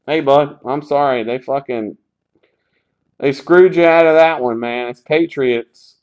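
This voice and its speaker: A man's voice: medium pitch, a little slow, a little mellow, clean tone. A man hosting a live sports card break, calling out pulls in a sarcastic, grumbling, profane way.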